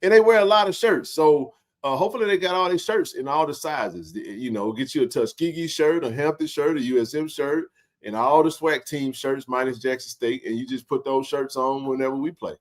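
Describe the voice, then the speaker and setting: Guy hosting a sports stream, joking around, loose and lively, middle-pitched voice. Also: fairly quick. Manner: animated, joking, colloquial. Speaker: sports talk show host. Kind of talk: casual livestream chat.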